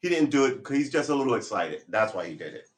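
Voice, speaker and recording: A man's voice: mid-range voice, very animated, quick pace. A man rambling casually on a live stream, talking to viewers and to his puppy, switching to firm commands.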